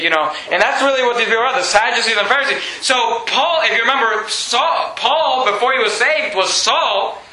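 A man preaching a lively sermon. He reads scripture aloud and acts out the people in the story. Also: high-pitched. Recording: echoey room.

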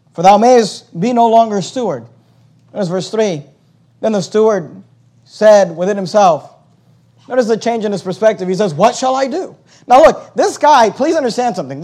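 A man's voice: high-pitched, darkish tone. A man preaching a sermon, impassioned, often repeating words as he builds a point. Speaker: pastor.

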